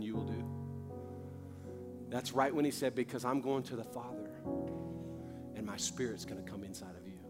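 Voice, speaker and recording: A man preaching a sermon as pastor, building with fervor and emphatic repetition. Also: medium pitch. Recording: long hall reverb with faint music.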